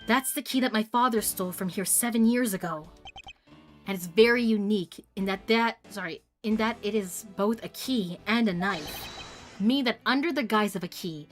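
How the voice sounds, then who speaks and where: A woman reading a confident male prosecutor's accusations from a game in her own voice, measured and pointed. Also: mid-range voice, faint music behind, natural voice. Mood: accusing.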